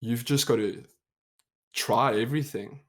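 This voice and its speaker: A young man with a South African accent, co-hosting a podcast in relaxed, reflective chat and laughing easily. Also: mid-range voice, a little slow. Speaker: podcast co-host. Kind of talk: casual chat.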